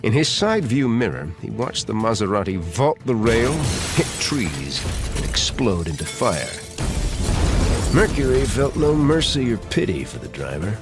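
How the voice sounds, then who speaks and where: Low husky guy reading a thriller audiobook, lively delivery, faint music under. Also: moderate pace. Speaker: audiobook narrator. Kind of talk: scripted audiobook narration.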